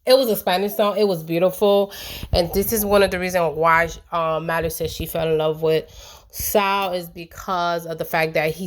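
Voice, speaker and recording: A woman giving a casual, opinionated recap of a reality show, chatty and colloquial with lots of fillers. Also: on the low side.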